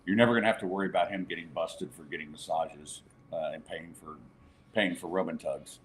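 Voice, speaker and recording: A man's voice: low-pitched, a little fast. A man hosting a sports podcast, chatting casually in a loose, joking way with lots of fillers. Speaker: podcast host.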